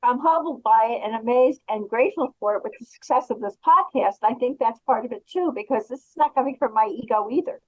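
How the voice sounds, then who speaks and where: A woman's voice: fairly high pitch, brisk, few pauses. A woman hosting a podcast, asking long, earnest questions and reflecting on them. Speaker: podcast host. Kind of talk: interview questions. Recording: slightly dull, lo-fi sound.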